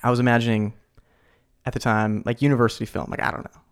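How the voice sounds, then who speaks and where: A man's voice: mid-range voice, level tone, fast talker, clean tone. A man in his twenties, a podcast guest, telling a story in a laid-back, slangy way, with lots of "like" and "dude". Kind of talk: casual storytelling.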